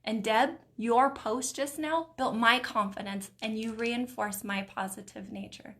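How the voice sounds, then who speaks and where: Middle-aged woman, slightly higher voice, hosting a live stream, reading comments with warm, emotional encouragement. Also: steady tone, measured pace. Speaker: host of a live mindset stream.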